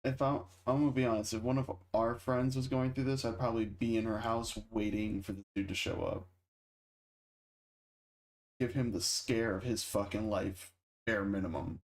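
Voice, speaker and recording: A man's voice: lowish voice, fairly even intonation, moderate pace, a little mellow, slight background noise. Sarcastic swearing male streamer. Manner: blunt, sarcastic, heavy swearing. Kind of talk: casual reaction chat.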